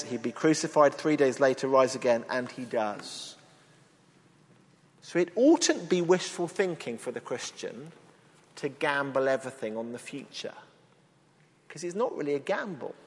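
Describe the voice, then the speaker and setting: A man preaching a sermon in an earnest, expressive way, acting out the lines he quotes. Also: mid-range voice. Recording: long reverb of a large hall.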